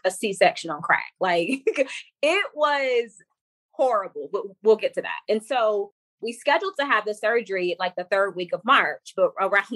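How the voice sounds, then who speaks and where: A young woman speaks as a podcast guest, telling a personal story in a casual, lively way. Her pitch sits mid-range, and she jumps up high when she mimics other people. The recording is dry and close, with no room sound. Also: no room sound. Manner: lively storyteller who acts out quoted dialogue. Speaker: podcast guest, women's coach.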